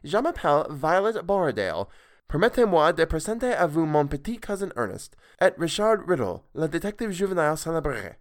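A man's voice: high voice, big pitch swings, moderate pace, few pauses, fairly bright tone, pitched above the performer's own voice. A man doing a bold little posh girl. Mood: polite, careful. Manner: careful, clear schoolroom French.

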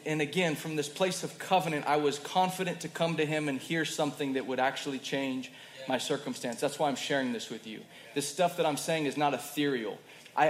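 A man preaching a sermon in a conversational way, moving between loud emphasis and soft, quiet passages. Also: fairly high pitch, a little hiss or hum. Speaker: pastor. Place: church hall. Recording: roomy hall with faint ambience.

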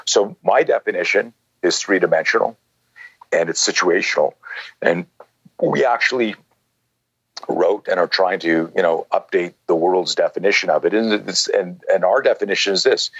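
A low, husky-voiced man in his sixties talks through a story in loose, rambling fashion, leaning on "you know" and "like" as he goes. The recording is dry and a little muffled. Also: normal speed, a bit bright, no echo. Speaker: self-defense instructor, guest. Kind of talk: conversational storytelling.

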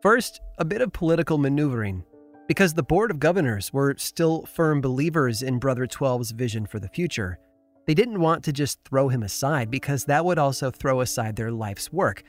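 Man narrating a dark history story. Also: mid-range voice, expressive, soft background music. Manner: measured, storytelling delivery with dramatic pauses. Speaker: podcast host and narrator. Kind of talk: scripted narration.

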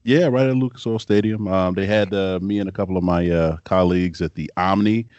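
A man co-hosting a podcast in casual chat, telling animated stories and laughing often. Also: deep voice, brisk, dry recording. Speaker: podcast co-host, former football player. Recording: dry, dull lo-fi sound.

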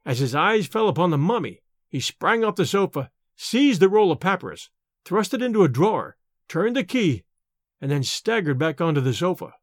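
A man narrating a story, reading in a vivid, expressive way. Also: sits high, normal speed, no room sound, clean studio sound. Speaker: audiobook narrator. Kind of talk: scripted narration.

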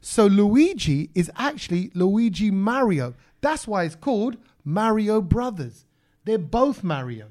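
A man's voice: high-pitched, big pitch swings, measured pace, darkish tone. A man hosting a casual radio chat, joking and teasing his co-hosts, sometimes drawing out his explanations. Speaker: radio host.

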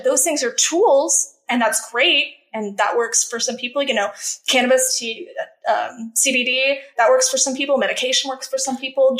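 Earnest woman with a high voice in a roomy echo. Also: fairly bright tone. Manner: earnest and emphatic, rising sharply when reliving anger. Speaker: podcast guest. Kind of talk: candid personal storytelling.

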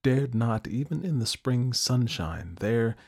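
A man narrating a first-person audiobook at a measured pace. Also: medium pitch, animated, creaky, a little mellow.

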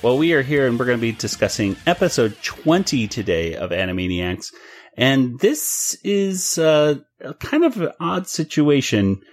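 A man's voice: medium pitch, sing-song, normal speed, faint music behind. A man hosting a cartoon podcast, chatting casually, laughing often and rambling with fillers. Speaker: podcast host.

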